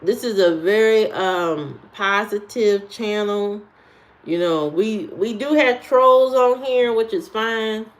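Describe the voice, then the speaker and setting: Brief: woman streamer, sassy and unhurried, talks back at trolls in chat. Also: mid-range voice. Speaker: live streamer. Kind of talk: casual live-stream chat answering comments.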